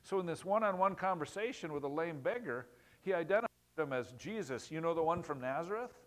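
With a slightly higher, somewhat bright voice, a pastor teaches conversationally, asking his listeners questions and circling back to phrases for emphasis. He is expressive and speaks fairly quickly.

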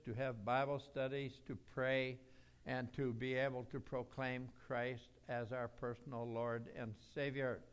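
A man preaching a sermon, telling a story in an earnest, measured way. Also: mid-range voice, smooth. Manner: slow, earnest storytelling with pauses.

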